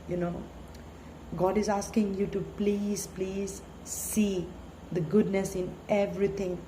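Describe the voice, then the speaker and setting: A woman's voice: medium pitch, mellow, a little hiss or hum. A woman tarot reader giving a spiritual reading, earnest and pleading, full of "you know" fillers. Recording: echoey room with faint ambience.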